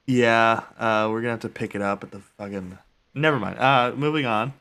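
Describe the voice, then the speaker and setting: A man's voice: mid-range voice, fairly quick, gravelly, fairly bright tone. A young man co-hosting a casual podcast, laughing often and poking fun at himself. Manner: giggly, self-mocking, trails off. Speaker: podcast co-host.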